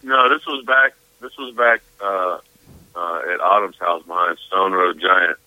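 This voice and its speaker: A man's voice: sits low, measured pace, dry recording, phone-quality sound. A man co-hosting by phone in casual chat, telling stories in a rambling, hesitant way full of fillers. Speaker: co-host calling in by phone.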